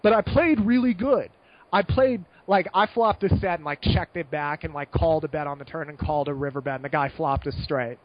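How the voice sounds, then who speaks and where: A young American man telling a long story in a casual podcast chat, rambling and animated, with many fillers and restarts. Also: a little high, brisk, lo-fi sound. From United States. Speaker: guest.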